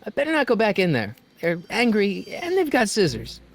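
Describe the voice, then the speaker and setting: A man's voice: high-pitched, huge pitch swings, a little hiss or hum, exaggerated voice. An actor playing a laid-back, curious teenage boy in a video game. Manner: casual, quick reactions. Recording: game audio with faint background music.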